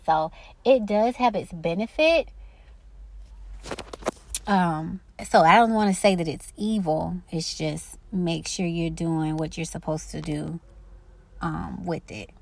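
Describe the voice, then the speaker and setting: A woman hosting a spiritual podcast, talking casually and directly to her listeners with plenty of slang. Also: lowish voice. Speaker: podcast host.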